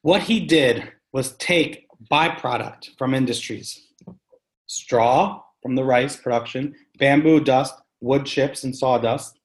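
A man's voice: medium pitch, slow. Emphatic man telling a farm story. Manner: animated, emphatic, swears casually. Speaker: guest, sustainable farming practitioner. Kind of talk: conversational storytelling.

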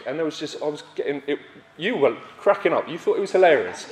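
A man's voice: a little high, expressive, a little hiss or hum. Man preaching in an echoey hall. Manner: storytelling, self-deprecating, halting restarts. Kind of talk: sermon. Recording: echoey hall with long reverb.

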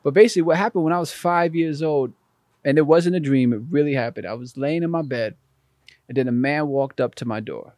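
Male podcast guest, higher-pitched voice, lively storyteller who acts out the voices, dry close sound. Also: brisk, no room sound. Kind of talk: conversational storytelling.

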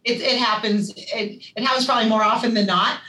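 Woman doctor guest, candid and easygoing, bright sharp voice, echoey room. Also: a little high, brisk. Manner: candid, relaxed, filler-heavy. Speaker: naturopathic doctor. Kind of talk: casual interview chat. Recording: roomy echo.

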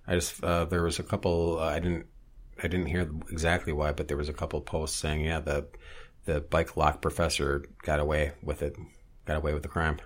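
A man in casual conversation, speaking haltingly with many fillers and restarts. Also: a bass voice, flat delivery. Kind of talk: casual podcast chat.

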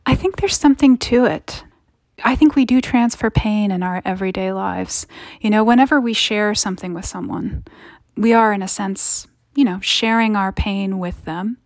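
A woman author answering interview questions in a reflective, at times animated way. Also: mid-range voice, moderate pace, dry recording, studio quality. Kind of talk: interview conversation.

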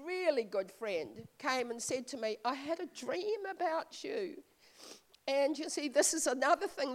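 A woman preaching as a visiting speaker, telling a personal story in a slow, heartfelt way. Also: high-pitched. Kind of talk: sermon.

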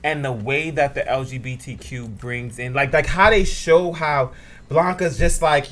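A man co-hosting a podcast in casual chat, halting and repeating words as he retells scenes with animation. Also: medium pitch, fairly bright tone. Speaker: podcast co-host.

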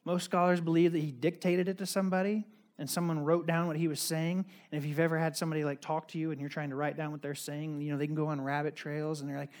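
Male pastor, high voice, casual sermon with chatty asides, loud-to-quiet swings. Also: level tone, fast.

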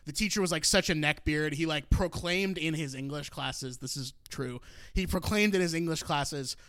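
A man in his twenties telling a profane comic story on a podcast, animated and prone to shouting out his own outbursts. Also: fairly high pitch, moderate pace, clean tone, no room sound, studio quality.

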